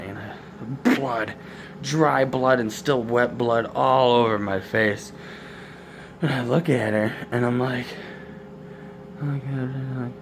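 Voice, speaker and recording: A man's voice: mid-range voice, slight background noise. Rambling young vlogger man. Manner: rambling, crude jokes, laughs at his own stories. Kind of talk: casual storytelling vlog.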